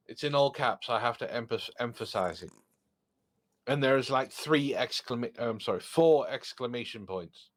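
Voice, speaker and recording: A man hosting a casual podcast, reading funny online stories aloud and joking about them with animated asides. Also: lowish voice, a little slow. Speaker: podcast host.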